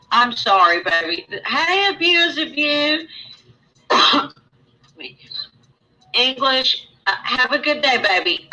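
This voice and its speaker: A woman livestream host with a mid-range, pushed, bright voice rambles casually about her grievances, sounding aggrieved and greeting chatters by name. She often repeats and restarts, and the recording is rough.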